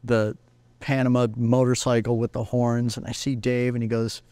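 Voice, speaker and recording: A man with an average-pitched voice tells stories from his music career with animated energy, often slipping into other people's voices as he quotes them. The recording is dry, with no room sound. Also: normal speed, clear, resonant tone, dry recording. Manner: acts out other people's lines while telling stories. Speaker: guest guitarist. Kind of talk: animated anecdotal storytelling.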